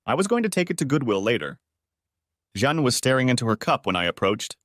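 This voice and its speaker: A man reads a first-person revenge story aloud with bitter, dramatic delivery. His pitch moves in a lively way. The recording is close and dry, with no room sound. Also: a little fast, dry recording. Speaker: narrator. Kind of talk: first-person audiobook narration.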